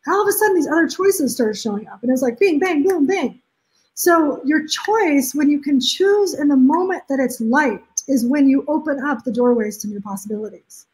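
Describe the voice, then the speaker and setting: High-voiced upbeat woman coaching live. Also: animated, normal speed, a little mellow, poor audio. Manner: upbeat and emphatic, acts out quotes. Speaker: life coach. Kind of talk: live stream coaching pitch.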